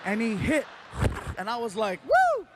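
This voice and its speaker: High-voiced animated stand-up comedian. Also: male voice, normal speed, heavy background noise. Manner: animated, exaggerated, big vocal swings. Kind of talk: stand-up storytelling. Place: comedy stage before a crowd.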